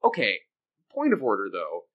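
A man's voice: lowish voice, huge pitch swings, normal speed, dull audio. A man co-hosting a podcast, recapping an old sitcom episode in a joking, rambling way. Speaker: podcast co-host. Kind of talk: casual recap chat.

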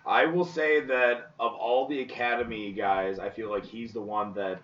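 A man's voice: on the low side, steady tone, normal speed, a bit bright. A man co-hosting a podcast, explaining his views at length in casual chat. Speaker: podcast co-host. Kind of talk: casual chat about local wrestling. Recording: roomy, distant, muffled.

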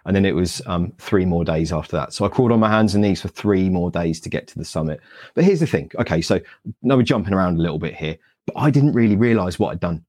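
Speaking fast in a low, slightly mellow voice, this Paralympian guest recounts his story with real animation. He has a British accent and plays out old conversations while poking fun at himself during the interview.

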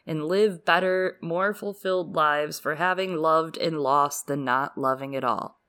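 A low-pitched woman recapping a book chapter in a loose podcast chat. She is blunt and jokey and swears freely. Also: measured pace, fairly bright tone. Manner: blunt, profane, joking. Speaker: podcast co-host. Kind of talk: casual book discussion.

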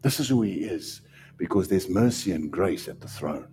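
A man with a South African accent preaching a sermon as pastor, emphatic and repetitive, with sudden loud rises. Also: low voice, animated, moderate pace, music in the background.

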